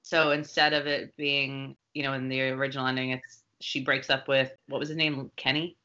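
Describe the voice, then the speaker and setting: A woman chatting casually about a movie as a podcast co-host, animated and sharing fun facts. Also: extremely low pitch, normal speed. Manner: animated, shares fun facts, quotes characters. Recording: dull lo-fi recording.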